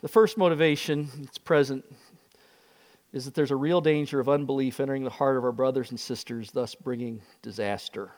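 A man preaching a sermon, an animated storyteller who acts out the voices in his stories. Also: mid-range voice, fairly quick, long reverb tail. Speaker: pastor.

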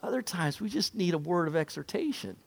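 Male pastor, high-pitched, animated sermon delivery, reverberant room. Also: brisk, gravelly. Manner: animated storyteller, acts out voices.

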